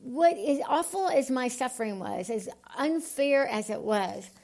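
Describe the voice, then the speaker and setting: Interviewed as a guest on a podcast, this American woman has a high-pitched, unhurried voice with a lisp, its unusual quality the result of tongue surgery. She comes across as earnest and animated, and she gets excited.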